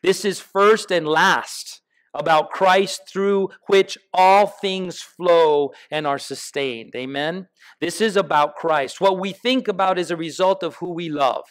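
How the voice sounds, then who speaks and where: Pastor, man with a high voice, preaching to his congregation in a church, emphatic and questioning. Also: slow, a bit bright. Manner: asks the congregation questions, builds emphatic lists. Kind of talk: sermon. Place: church sanctuary.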